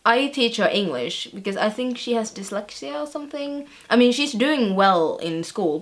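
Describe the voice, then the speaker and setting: A young woman plays a bemused teenage girl telling her camera about the students she tutors. Her voice sits at an ordinary middle pitch, and her telling is chatty and wry, dotted with fillers. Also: natural voice. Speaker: vlogger. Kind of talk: scripted vlog-style monologue.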